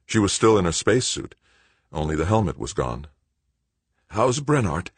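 A man reading a novel aloud in steady, measured audiobook narration. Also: low-pitched, husky, no room sound.

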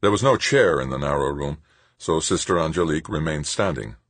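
Very deep husky man narrating. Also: animated, brisk, fairly bright tone, no echo. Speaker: audiobook narrator. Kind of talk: scripted narration.

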